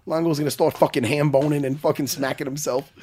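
A man co-hosting a podcast, chatting in an animated way, laughing often and swearing. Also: a little high, fast. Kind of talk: casual chat.

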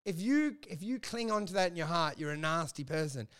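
A man's voice: a little high, lively intonation, fairly quick, fairly bright tone, clean tone. A man, co-hosting a casual comedy podcast, rambling crudely and mock-quoting himself. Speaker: podcast co-host.

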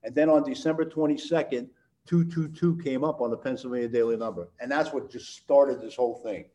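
A man's voice: mid-range voice, brisk, dark tone, slight background noise, low-quality recording. A man in his sixties, a podcast guest talking in a casual, enthusiastic and rambling way, often repeating words for emphasis. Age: 60s. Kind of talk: casual interview chat.

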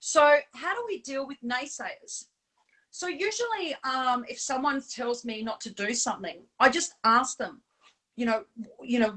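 A woman co-hosting a casual live chat in a chatty, animated way, with frequent fillers and laughs. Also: high-pitched, a little slow, poor audio. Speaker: co-host.

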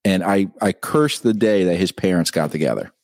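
Animated ranting man, dry close mic. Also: deep voice, moderate pace, gravelly, no room sound. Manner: profane, ranting. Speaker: co-host. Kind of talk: casual live-stream chat.

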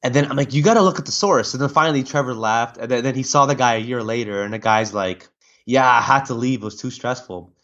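Man, podcast guest, animated storyteller, dull lo-fi recording. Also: medium pitch, fast. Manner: animated storytelling with many restarts. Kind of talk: casual chat. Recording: dull lo-fi audio.

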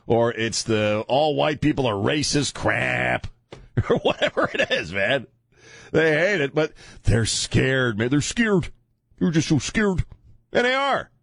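A man's voice: mid-range voice, slow, creaky, no room sound. A man from Louisiana hosts his talk radio show in a dry, close studio sound. He rants bluntly and rambles, his voice jumping up and down as he gets worked up. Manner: blunt, rambling, animated, swings loud. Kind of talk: opinionated talk radio monologue.

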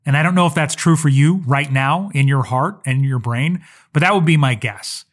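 A man's voice: on the high side, normal speed. Earnest man hosting a solo podcast. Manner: conversational, earnest, shares stories and asides. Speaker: podcast host and social media coach. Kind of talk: solo podcast teaching talk.

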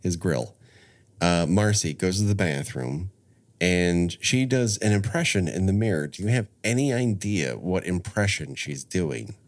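Lively, low-voiced middle-aged male host. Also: unhurried. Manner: chatty, explains at length with restarts. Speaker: podcast host. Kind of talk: casual chat.

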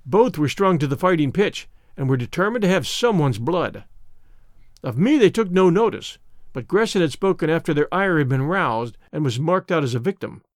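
A man reading a story aloud in a measured, storytelling audiobook manner. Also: a little high, lively intonation, dry recording, studio quality. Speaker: narrator. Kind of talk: audiobook narration.

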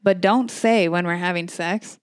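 A young woman co-hosting a casual comedy podcast, telling stories in a wry, deadpan way. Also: lowish voice, measured pace, clean tone. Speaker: podcast co-host.

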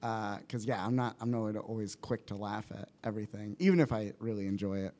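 A man's voice: fairly low pitch, fairly quick, darkish tone. Laughing man hosting a casual chat. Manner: laughs often, quotes others in playful voices. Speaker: comedian, podcast host.

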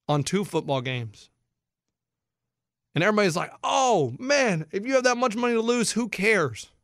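Excitable high-voiced male sports host. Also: no echo, studio quality. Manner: excitable, incredulous, explains for non-bettors. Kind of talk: animated sports talk monologue.

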